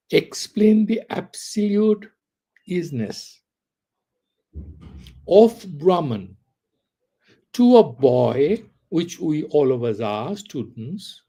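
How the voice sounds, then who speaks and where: A man's voice: fairly high pitch, gravelly, mellow, husky. A man teaching a philosophy class, reciting Sanskrit verses and asking rhetorical questions. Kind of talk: class lecture.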